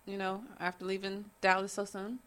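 Female sports co-host, bright and forward tone, amused chatty replies. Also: medium pitch, monotone, normal speed. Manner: amused, chiming in with short replies. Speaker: podcast co-host. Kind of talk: casual sports chat.

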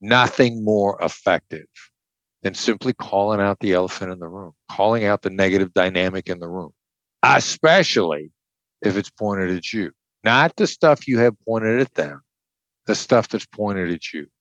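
Man, older, from the Midwest, low voice, emphatic, blunt, dry dull recording. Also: animated, normal speed, a bit bright, no room sound. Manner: emphatic, blunt, repeats key points. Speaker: interview guest, former hostage negotiator. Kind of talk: conversational explanation.

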